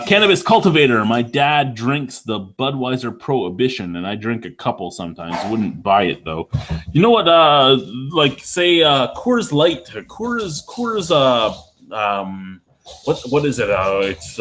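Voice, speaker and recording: A man's voice: medium pitch, lively intonation, a little slow, fairly bright tone, slight background noise, low-quality recording. A man hosting a beer review show, telling rambling, profane stories in casual chat while a little tipsy.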